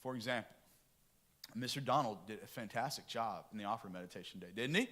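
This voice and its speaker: A middle-aged man preaching a lively, joking sermon to his congregation in a church. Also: fairly low pitch, fast talker. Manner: animated, joking and talking with the congregation. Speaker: pastor. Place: church sanctuary.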